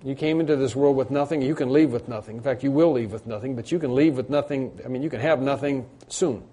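A man's voice: mid-range voice, fast talker, mellow, slightly rough. A man preaching a sermon as a pastor, earnest and repeating phrases for emphasis.

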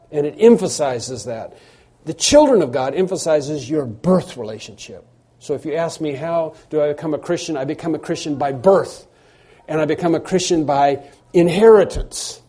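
A man's voice: on the high side, animated, moderate pace, dark tone, breathy edge. A man preaching a sermon, earnest, often repeating words as he builds to emphatic phrases.

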